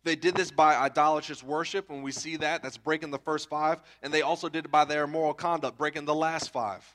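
A man's voice: fairly high pitch, steady tone, brisk, a bit bright. A man in his thirties preaching a sermon in a conversational way, often checking in with the listeners with "okay?" and "right?". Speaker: pastor.

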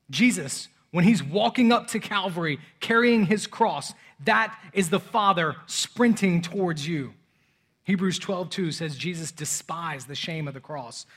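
A man in his thirties preaching a sermon, swinging between loud urgency and soft, hushed moments. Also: a little high, slightly rough. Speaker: pastor.

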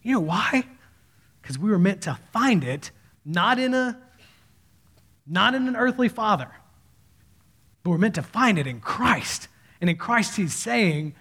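A man's voice: high voice, moderate pace, long pauses, husky. A man in his thirties preaching a sermon as a pastor, telling stories in a conversational way. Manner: conversational storytelling preacher, animated quoted voices.

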